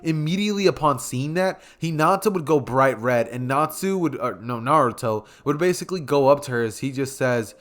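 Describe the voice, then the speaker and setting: A man's voice: medium pitch, fairly quick, hardly any pauses, fairly bright tone. A man narrating a fan-fiction story in a casual, rambling way, with joking asides. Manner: casual, filler-heavy, with self-aware joking asides. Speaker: YouTube storyteller.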